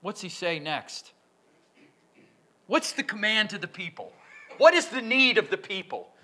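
A man preaching a sermon, working through a verse with lots of questions to his listeners and slow, stressed quotations. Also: high-pitched. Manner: questioning, lively emphatic delivery with drawn-out quotes.

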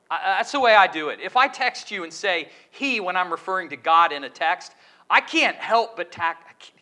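A man preaching a sermon, working through a verse with lots of questions to his listeners and slow, stressed quotations. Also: high voice. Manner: questioning, lively emphatic delivery with drawn-out quotes.

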